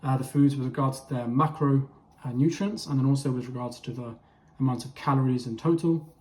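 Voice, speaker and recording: A man's voice: mid-range voice, a little fast, darkish tone. A young man giving a chatty fitness vlog, talking straight to his viewers and tagging lines with okay. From England. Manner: chatty, addresses viewers as boys, frequent okay. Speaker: fitness vlogger. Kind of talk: casual vlog to camera. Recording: echoey room.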